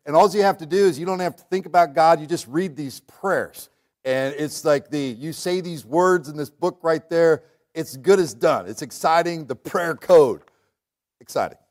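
Folksy preacher man, higher voice. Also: normal speed. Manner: folksy, humorous preaching with dramatic shifts in loudness and pace. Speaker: pastor. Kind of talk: sermon. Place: church.

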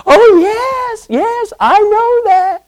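A man voicing a kind, soft-spoken woman stranger who offers help. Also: animated, no echo, full character voice. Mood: gentle. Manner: soft, sweet, slow, rising higher.

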